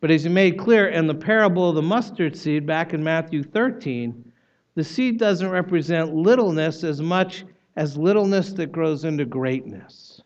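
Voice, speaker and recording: A man delivers a sermon in a high-pitched voice. He pushes hard on key words and then lets his points fall away softly. The recording sounds muffled and lo-fi. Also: lively intonation, moderate pace. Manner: emphatic, rising loud for stress and dropping soft at ends. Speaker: pastor.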